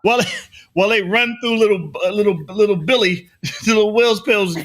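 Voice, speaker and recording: A man's voice: high-pitched, moderate pace, fairly bright tone. A man co-hosting a morning talk show, joking loosely, swearing and slipping into voices. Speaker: co-host. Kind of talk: casual chat.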